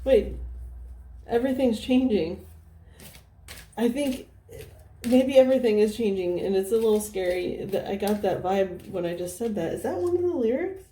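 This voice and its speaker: A woman at an ordinary middle pitch talks through a tarot spread in a loose, meandering way, circling back on her own words as the thoughts come. Her voice stays soft and easygoing and sometimes sinks almost to a whisper. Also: animated, normal speed. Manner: meandering, thinking aloud with many fillers. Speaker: tarot reader. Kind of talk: casual tarot reading.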